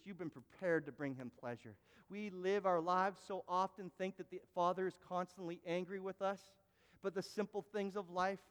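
A man's voice: sits high, clean tone, in a large hall. A pastor preaching a sermon, emphatic, often repeating words and restarting his phrases. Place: church sanctuary.

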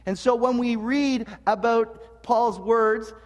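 A pastor with a high voice delivers a slow sermon, earnest and animated, stumbling into restarts and slipping in jokes. The long reverb of a large church sanctuary carries his words.

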